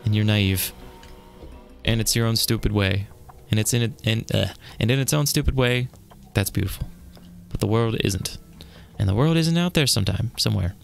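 A man voicing a stern female small-town police officer in a game, grave and warning, with a gravelly edge. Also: on the low side, soft background music, voice pushed down. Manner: grave, warning, slow and deliberate.

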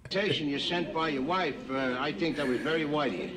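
A man's voice: on the high side, quick pace, crowd noise, close to an everyday voice. An actor playing a blunt, tactless middle-aged working-class man in a 1970s sitcom, on hissy old TV audio. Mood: gruff.

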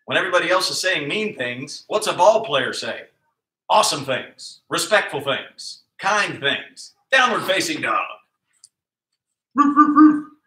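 A high-energy man coaches a kids' PE class live, his bright, sharp voice firing out moves and encouragement without a pause. He sits a little high for a man and sounds like he is moving along with the class. The sound bounces around an echoey room, picked up by a camera mic at some distance. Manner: energetic, upbeat, nonstop coaching patter calling out moves. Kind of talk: live-streamed exercise class.

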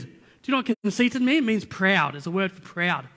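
High, bright-voiced pastor preaching. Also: male voice, a little fast. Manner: energetic, playful asides and repeated rhetorical questions. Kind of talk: sermon. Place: church hall. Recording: reverberant church hall.

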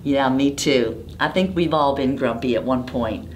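A woman's voice: very deep voice, a little slow, echoey room, slight background noise. A woman reading a picture book aloud to children, asking them questions as she goes. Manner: interactive, asks children questions. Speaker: storytime reader.

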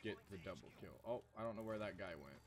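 A man talking casually over his gameplay in a flat monotone, sleepy and worn out from no sleep. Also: fast, very noisy. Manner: low-key, flat monotone delivery. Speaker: gaming video creator.

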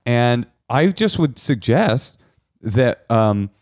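A man's voice: medium pitch, slow, no echo, clean studio sound. A man co-hosting a podcast, chatting casually in a teasing, sarcastic way. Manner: teasing, sarcastic, lively delivery. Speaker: podcast co-host. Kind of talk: casual chat.

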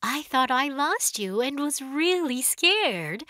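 A woman voicing a gentle, motherly shark in a cartoon. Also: high-pitched, big pitch swings, slow pace, no room sound, studio quality, heavily acted. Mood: relieved.

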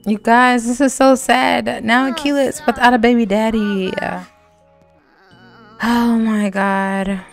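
A woman narrating her life-sim game in slow, drawn-out phrases. She reacts with loud, slangy exclamations and the odd swear word. Faint music plays underneath. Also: fairly high pitch, steady tone. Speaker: let's play host. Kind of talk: game commentary.

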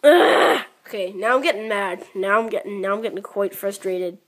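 A young woman playing a mobile game, counting her moves out loud and grumbling as she loses. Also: mid-range voice, fairly even intonation, a little fast. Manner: counting moves aloud, mildly frustrated. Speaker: gaming channel creator. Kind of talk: casual gameplay commentary.

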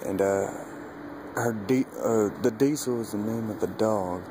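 A young man vlogging outdoors with a handheld camera, rambling and cursing, laughing often and getting animated as he retells a story. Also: on the low side, moderate pace. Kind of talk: casual rambling vlog. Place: outdoors by a dog cage. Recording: noisy outdoor ambience.

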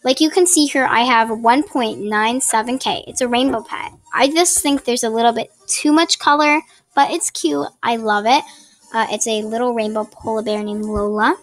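Sitting at a home desk with a ring light, a woman speaks into her laptop's built-in mic, giving chatty, rambling gameplay tips with apologetic side comments for her gaming channel. Her voice is on the high side, at a moderate pace.

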